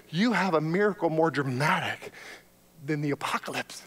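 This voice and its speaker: A male pastor giving a sermon, going from hushed, quiet passages to loud, impassioned appeals. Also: on the high side, lively intonation, moderate pace.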